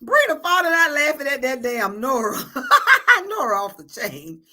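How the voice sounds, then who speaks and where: Laughing, lively woman livestreaming. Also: high-pitched, a little slow. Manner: laughs often, calls viewers honey and baby. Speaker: livestream host reading viewer comments. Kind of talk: casual livestream chat.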